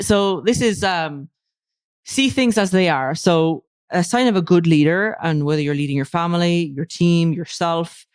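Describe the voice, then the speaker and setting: A woman's voice: low voice, a little mellow, dry recording, clean studio sound. Emphatic woman coach on a podcast. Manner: emphatic, casual swearing. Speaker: guest, performance coach. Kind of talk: casual podcast interview.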